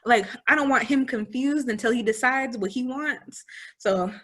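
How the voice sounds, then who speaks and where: Lively young woman chatting casually. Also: high-pitched, normal speed. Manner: lively, laughing, acts out little scenes. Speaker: co-host. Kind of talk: casual educational discussion.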